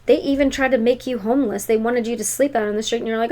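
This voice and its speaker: A woman's voice: fairly high pitch, fairly even intonation, quick pace, hardly any pauses, a little mellow. A woman giving a tarot reading to viewers in an emphatic, encouraging way. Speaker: tarot reader.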